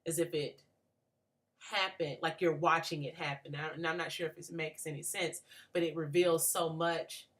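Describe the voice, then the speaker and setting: Low-voiced woman in her late twenties. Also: fairly even intonation, normal speed, a bit bright. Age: late 20s. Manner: earnest, thoughtful, with frequent restarts and fillers. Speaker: graduate student. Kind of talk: spoken book reflection for a class.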